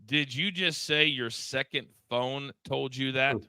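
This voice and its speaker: A male host with a very bright, crisp voice runs a live betting show. He talks fast and upbeat and ribs his crew as he goes around the table. The sound is dry and close. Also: mid-range voice, no echo, poor audio. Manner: upbeat, quick and teasing, calling on each crew member.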